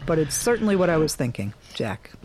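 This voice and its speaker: A woman who works as a realtor and bartender, chatting casually and telling a story in a blunt, animated way, clearing her throat now and then. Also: sits low, a little fast.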